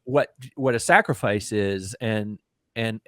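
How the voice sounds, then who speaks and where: A man's voice: fairly low pitch, slow, fairly bright tone, dry recording, studio quality. A man reviewing anime in casual podcast chat, rambling with lots of fillers. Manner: rambling, many fillers and restarts.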